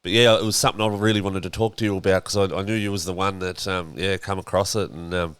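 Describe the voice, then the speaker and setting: A man with an Australian accent and a very deep voice hosts the chat. His tone is smooth and resonant, and the sound is dry and close. He talks in a laid-back way. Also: quick pace, dry recording. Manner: laid-back, relaxed, agreeable interjections. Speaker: podcast host. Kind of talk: casual interview.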